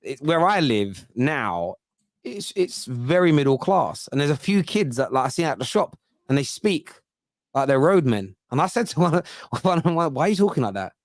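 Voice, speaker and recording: Cockney man telling animated stories. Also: medium pitch, moderate pace, dry recording, clean studio sound. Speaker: football podcast host. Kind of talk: casual chat.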